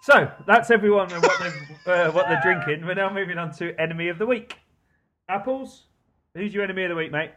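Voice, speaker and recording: Joking podcast host, higher voice. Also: male voice, a little fast, dull audio, background noise. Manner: jokey, swearing, laughing often. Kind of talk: casual pub-style chat among friends.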